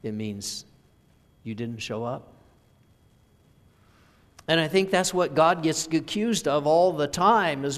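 A man preaching a sermon, reading scripture and telling stories in a slow, measured way. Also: fairly high pitch, lively intonation, big-room sound. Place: church sanctuary.

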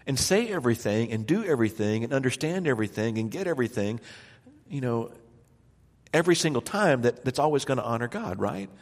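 A man preaching from the pulpit in a conversational, storytelling way, his voice sitting in the middle range for a man. He pokes fun at himself and throws out rhetorical questions. A long reverb from the church sanctuary trails behind every line. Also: mid-range voice. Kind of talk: sermon.

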